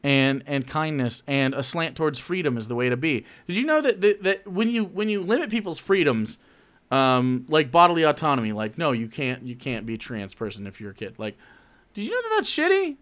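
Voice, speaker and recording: Man, live stream commentary, profane rants, high voice, bright tone. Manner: animated, profane, interrupting rants. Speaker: streamer reacting to political clips.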